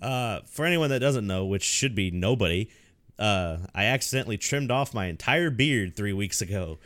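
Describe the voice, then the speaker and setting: Animated laughing man, dry close sound. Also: on the low side, normal speed, no room sound. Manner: laughing storyteller, swears freely. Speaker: podcast co-host. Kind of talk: casual chat.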